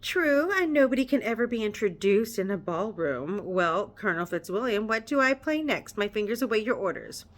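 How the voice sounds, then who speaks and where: A woman's voice: mid-range voice, lively intonation, normal speed, few pauses, natural voice. A woman reading aloud as a witty, teasing young woman of a country gentry family, in an arch, playful manner.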